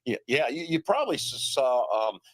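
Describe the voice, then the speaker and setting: A middle-aged man on a live stream telling stories about his reporting in a casual, animated way, acting out what others said. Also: medium pitch, normal speed, dry recording. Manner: animated storyteller, acts out quoted dialogue. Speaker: citizen journalist guest. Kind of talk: casual remote interview.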